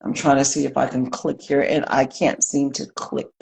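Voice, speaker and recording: A woman's voice: rumbling low, flat delivery, normal speed, gravelly, darkish tone. A woman co-hosting a casual live-stream chat, leading the talk with playful, dry humor. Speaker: co-host.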